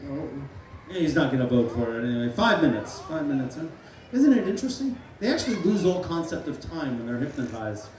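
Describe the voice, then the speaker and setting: A middle-aged man working as a stage hypnotist at a live comedy show, playfully giving loud, repeated suggestions to volunteers. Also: fairly high pitch, sing-song, a little fast. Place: large fair tent. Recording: echoey tent, mic heard from far.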